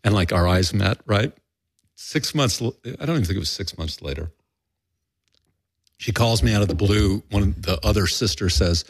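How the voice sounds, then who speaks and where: Older man, low pitch, dry recording, candid interview guest, rambling, profane. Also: moderate pace, breathy edge, dry recording. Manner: rambling, blunt and profane, acts out quotes.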